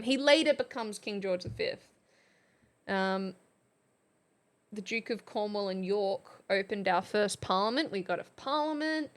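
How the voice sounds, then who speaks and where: Giggly Australian woman streamer. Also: a little high. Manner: giggly, chatty, playful. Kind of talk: casual history lesson on a live stream.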